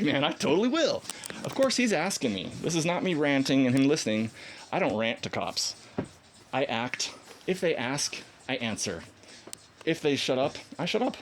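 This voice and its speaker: Animated, defiant man telling a story. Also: a little hiss or hum. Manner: animated storyteller, acts out quoted dialogue in a higher voice, laughs often; defiant, combative. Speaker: vlogger. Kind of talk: casual storytelling monologue.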